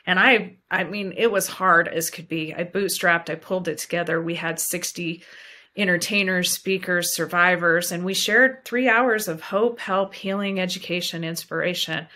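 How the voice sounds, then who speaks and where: A woman's voice: on the low side, fairly even intonation, normal speed, pushed and bright. A woman in her forties, a podcast guest, telling a personal story in an earnest, heartfelt way. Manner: earnest, heartfelt, speaks with conviction.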